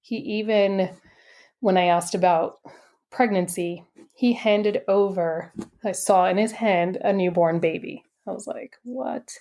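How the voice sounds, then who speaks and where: Woman guest, mid-pitched, animated storyteller, chatty filler-heavy podcast talk. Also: measured pace. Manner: animated, chatty, full of "like" and "you know". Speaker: podcast guest, intuitive coach. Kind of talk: personal storytelling in a podcast interview.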